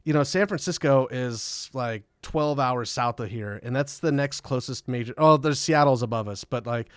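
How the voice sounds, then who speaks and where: A man's voice: mid-range voice, moderate pace, clear, resonant tone, dry recording, studio quality. A man guest on a podcast, telling rambling, profane tour stories in casual chat and laughing often. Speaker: podcast guest, metal musician.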